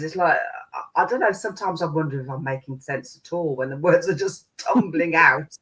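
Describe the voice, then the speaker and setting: A woman's voice: low voice, a little fast, fairly bright tone. Rambling woman channeling spirit guides. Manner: rambling, laughs often, drifts into chanted syllables. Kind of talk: channeling guides in light language.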